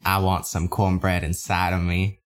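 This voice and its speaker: A man's voice: deep voice, completely flat delivery, measured pace. A man co-hosting a podcast in casual chat, joking absurdly and laughing often. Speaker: podcast co-host.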